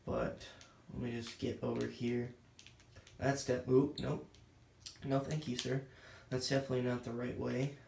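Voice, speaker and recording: A man rambling scattered gameplay commentary as a channel host, self-deprecating and thinking out loud, a bit winded. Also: medium pitch, level tone, a little slow, creaky, echoey room, slight background noise.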